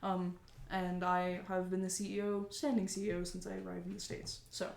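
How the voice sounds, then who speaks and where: A woman's voice: lowish voice, level tone, normal speed, creaky, a little mellow, roomy sound. A woman voicing a cheerful, talkative male mayor and company boss in a tabletop game, rambling with fillers. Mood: upbeat. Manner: chatty, upbeat, rambling with fillers.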